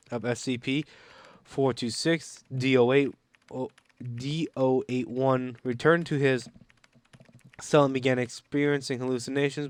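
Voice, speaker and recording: A man narrating a game, reading test reports aloud slowly and deliberately, now and then coughing. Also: mid-range voice, clear, resonant tone, dry recording. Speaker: gaming channel narrator.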